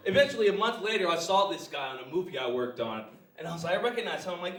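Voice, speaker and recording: A man's voice: high voice, very animated, rapid-fire, few pauses, fairly bright tone. A young man performing crude stand-up, laughing at his own jokes. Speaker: stand-up comedian. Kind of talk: live stand-up routine. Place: small comedy club stage. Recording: roomy live venue from far off.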